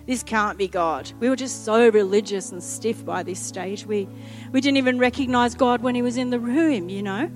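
High-voiced woman preaching. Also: normal speed, faint music behind. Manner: lively, humorous, acts out quotes. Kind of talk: sermon storytelling.

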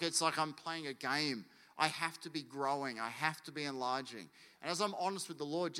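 A man's voice: fairly high pitch, sharp tone, long reverb tail. A man preaching a sermon as pastor, in a casual, conversational way that acts out quotes.

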